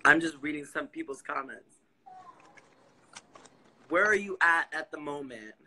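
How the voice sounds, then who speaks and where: A man's voice: a little high, animated, unhurried, bright, forceful tone, a little hiss or hum, rough recording. Upbeat man reading out viewer comments. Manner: relays questions, upbeat and teasing. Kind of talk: casual chat.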